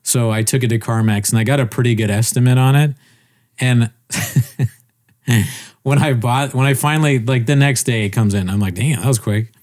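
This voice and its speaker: Brief: male podcast co-host, mid-pitched, animated storyteller who swears and laughs a lot. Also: normal speed. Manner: animated storytelling, acts out quoted people; swears casually, laughs often. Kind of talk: casual chat.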